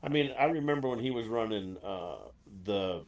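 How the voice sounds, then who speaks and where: Animated male host in casual chat, off-mic in a roomy space. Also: mid-range voice, normal speed, recorded from a distance. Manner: animated, loose storyteller.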